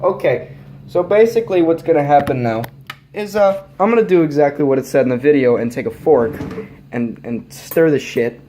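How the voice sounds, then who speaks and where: A man's voice: fairly high pitch, normal speed, warm tone. A teenage boy talking casually in a rambling, profane, jokey way, recording his own vlog. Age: teens. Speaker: vlogger. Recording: echoey room with faint noise.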